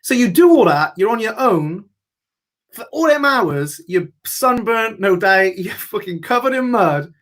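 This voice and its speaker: Host: chatty male talker, high voice, laughs through his lines. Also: expressive, a little slow, fairly bright tone. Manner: chatty, laughs often, swears casually. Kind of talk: casual chat.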